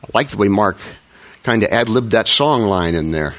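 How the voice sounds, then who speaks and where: Conversational pastor with a lively voice. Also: male voice, lowish voice, moderate pace. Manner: conversational, self-deprecating, with frequent restarts and little acted quotes. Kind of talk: sermon.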